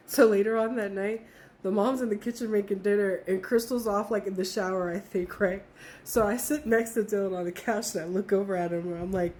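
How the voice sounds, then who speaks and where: A woman's voice: medium pitch, fairly even intonation, fairly quick, darkish tone, a little hiss or hum. A young woman casually telling a funny story from her childhood, swearing freely and laughing often.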